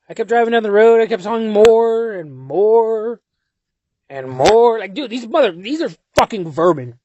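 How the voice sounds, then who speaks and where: A young man leaving a long, rambling and profane voice message from his car at night, dazed and worn out, drifting from one thought to the next. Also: high-pitched. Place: inside a car on a country road at night. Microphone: phone.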